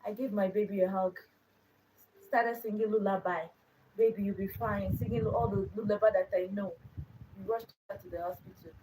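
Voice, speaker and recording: A woman's voice: medium pitch, steady tone, moderate pace, warm tone, distant mic, a little hiss or hum, low-quality recording. A young adult woman hosting her own channel, telling a personal story in an earnest way, repeating phrases for emphasis. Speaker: channel host.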